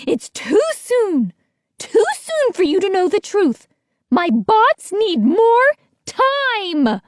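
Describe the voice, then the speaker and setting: A furious female scientist, voiced by a woman narrator, snaps in a raised, high-pitched voice. She is scheming and demanding, and she drags out her words slowly. The sound is dry and close, as in a storybook reading. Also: very animated, dry recording, exaggerated voice. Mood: angry. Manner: shouting, demanding.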